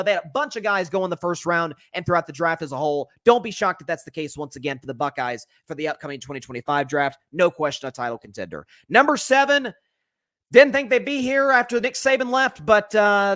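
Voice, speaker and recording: A man hosting a solo sports podcast, giving energetic, opinionated predictions with lots of fillers and restarts. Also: high voice, no echo, studio quality. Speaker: podcast host.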